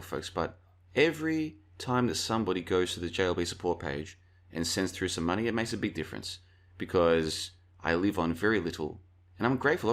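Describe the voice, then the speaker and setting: A man hosting a casual commentary video, rambling through anecdotes and calling his viewers folks. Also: fairly low pitch. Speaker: video host.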